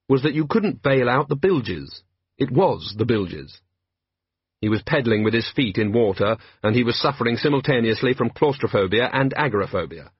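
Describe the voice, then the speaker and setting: A man's voice: mid-range voice, husky, no echo, highs cut off. A man reading an audiobook aloud with dry, wry storytelling. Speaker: audiobook narrator. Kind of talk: audiobook narration.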